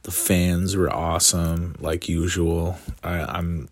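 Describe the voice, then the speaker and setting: A man's voice: low voice, little pitch movement, slow pace, no echo. A young Canadian man giving a casual, rambling commentary full of fillers and enthusiasm.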